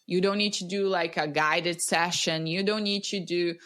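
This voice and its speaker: A woman who teaches breathwork, a podcast guest explaining simple techniques in a calm, instructive way over a video call. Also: lowish voice, moderate pace.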